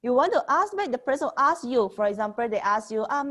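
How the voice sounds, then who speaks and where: Woman teaching Mandarin, bright-voiced. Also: sits high, lively intonation. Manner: explains slowly, repeats example sentences, frequent "okay?" checks. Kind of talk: online language lesson.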